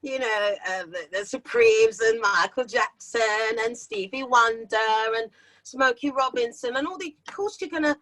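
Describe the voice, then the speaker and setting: A middle-aged woman with a London accent, a singer chatting as an interview guest, animated and acting out the voices in her stories. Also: fairly high pitch, normal speed, rough recording. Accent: London English. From London, England. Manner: animated storyteller who acts out quoted voices. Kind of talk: casual interview chat.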